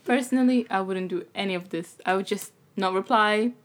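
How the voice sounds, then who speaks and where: A woman's voice: medium pitch, a little fast, crowd noise. A woman co-hosting a casual group chat podcast, talking bluntly and decisively. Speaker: podcast co-host.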